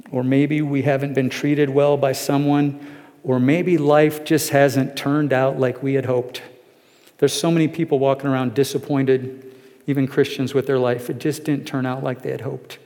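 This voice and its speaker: A male pastor preaching a sermon, telling a story earnestly and emotionally, often dropping to a soft pleading tone. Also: medium pitch, flat delivery, moderate pace, long reverb tail.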